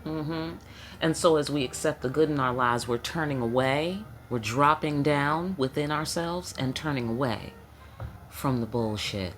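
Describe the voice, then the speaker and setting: A woman's voice: low-pitched, measured pace, faint music behind. A woman giving a casual, profane tarot reading, chatting back and forth as if answering spirits. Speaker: tarot reader.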